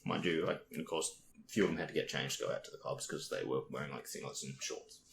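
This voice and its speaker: A man's voice: rumbling low, fast talker, creaky. A young man co-hosting a podcast, telling stories in casual chat, laughing often, swearing and acting out the other people in his stories. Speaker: podcast co-host. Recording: roomy echo with faint noise.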